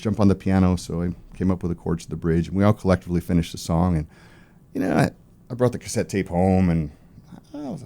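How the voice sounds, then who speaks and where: A middle-aged man, a songwriter guest in an interview, telling animated stories and acting out the people in them. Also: sits low. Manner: animated storyteller, quotes people in character. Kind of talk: storytelling interview.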